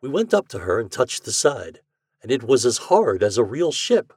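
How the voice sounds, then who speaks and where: A man reading a story aloud as a podcast narrator, with an expressive reading style. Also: mid-range voice, moderate pace, breathy edge, dry recording, clean studio sound. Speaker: podcast reader.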